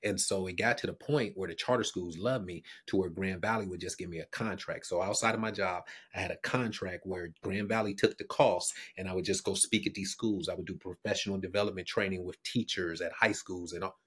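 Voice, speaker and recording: A middle-aged man, a guest on a podcast, telling a personal story with animation, acting out the people he quotes and dropping to a hushed whisper at tender moments. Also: low voice, fairly even intonation, a little fast, few pauses, slightly rough.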